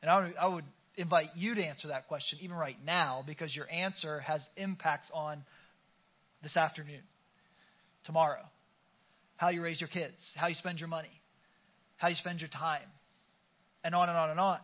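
A man's voice: on the high side, steady tone, moderate pace, pauses often, lo-fi sound. A pastor preaching a conversational sermon to his congregation, urging them to call back their response. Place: church sanctuary.

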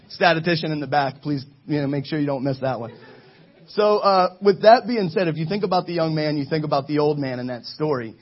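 Husky-voiced man preaching casually. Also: on the high side, lo-fi sound. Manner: joking, chatty storyteller. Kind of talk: casual sermon to a live group.

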